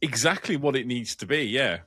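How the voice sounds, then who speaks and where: Bright-voiced man with dry jokes. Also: mid-range voice, animated, a little fast, no room sound. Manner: dry, joking asides. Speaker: podcast co-host. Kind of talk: casual chat.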